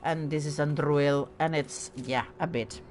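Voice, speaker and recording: A woman with a deep, darkish voice and fairly even intonation speaks at a moderate pace over a little hiss or hum. Hosting a let's play, she chats casually through her gameplay, mocking herself and talking to the game characters.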